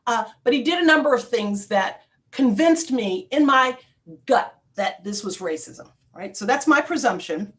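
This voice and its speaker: A middle-aged woman telling a personal story in a panel talk, with frequent fillers and restarts. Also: on the high side.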